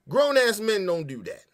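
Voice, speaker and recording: A man hosting a podcast, ranting in heated, profane casual commentary. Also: sits high. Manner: profane, animated, emphatic ranting. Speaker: podcast host.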